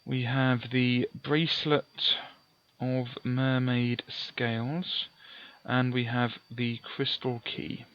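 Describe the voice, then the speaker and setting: A slow, unhurried man plays through a gamebook, reading passages aloud and then chatting through his dice rolls. His tone stays calm with small self-mocking asides. The recording is dull and lo-fi, with a dry, close sound. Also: medium pitch, dry recording. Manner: mild self-deprecating asides. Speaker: let's play host. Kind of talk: gamebook playthrough with read-aloud narration.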